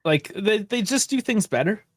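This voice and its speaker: A man co-hosting a podcast in casual chat, animated and swearing freely. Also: sits high, moderate pace, no room sound.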